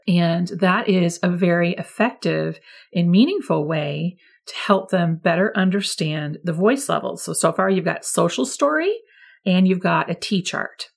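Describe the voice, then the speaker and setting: Speaking in a low, gravelly voice, a woman who teaches early childhood walks fellow teachers through her classroom methods in a training talk. She's friendly and instructive, using lively examples to show different voice levels.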